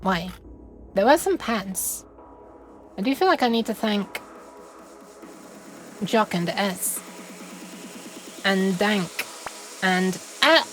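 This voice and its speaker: A young woman speaks slowly with long pauses while streaming a game, her medium-pitched voice animated and fairly bright over soft background music. The casual chat rambles, with giggles, self-interruptions, and lots of restarts.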